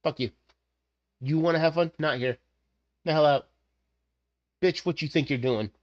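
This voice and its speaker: A man's voice: a little high, moderate pace, darkish tone, no room sound, muffled recording, close to an everyday voice. A man voicing a hostile, profane video game that scolds the player. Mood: mock-angry. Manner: scolding, profane, mock-angry.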